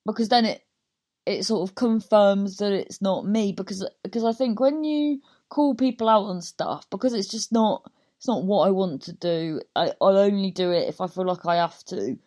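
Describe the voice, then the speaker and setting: A woman's voice: mid-range voice, normal speed, darkish tone. Rambling, chatty woman. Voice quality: chatty, scattered, self-interrupting, swears often. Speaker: stand-up comedian. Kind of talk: rambling casual monologue.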